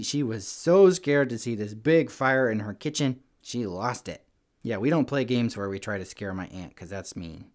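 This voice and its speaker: A man hosting a children's segment, telling rambling stories in a chatty way with lots of "like" and "you know". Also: on the low side.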